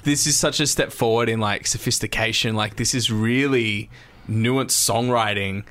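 Bright-voiced man musing on songs. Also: fairly low pitch, fairly even intonation, moderate pace. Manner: thoughtful, analytical about songs. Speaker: podcast co-host. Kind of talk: casual chat.

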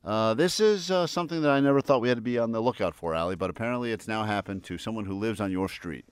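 A man's voice: on the low side, fast talker, clean tone, no room sound, clean studio sound. A man hosting a talk show, telling stories in casual banter and laughing often. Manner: animated storytelling, laughs often. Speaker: radio show host.

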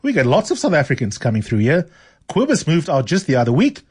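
A man's voice: on the high side, huge pitch swings, fast talker, darkish tone, husky, pitched above the performer's own voice, heavily acted. A man putting on a gossipy Irish landlady. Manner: gossipy, blunt, attempted Irish lilt. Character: chatty middle-aged female Irish landlady. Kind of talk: reading a novel aloud on radio.

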